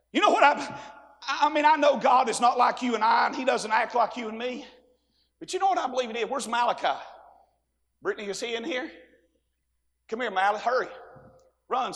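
A man preaching a sermon in a church, folksy, swinging between soft asides and shouting. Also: very high-pitched, in a large hall. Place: church sanctuary.

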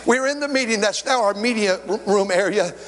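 High-voiced preacher in a reverberant hall. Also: male voice. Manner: storytelling preacher, swings from quick talk to shouted, drawn-out lines. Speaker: pastor. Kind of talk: sermon.

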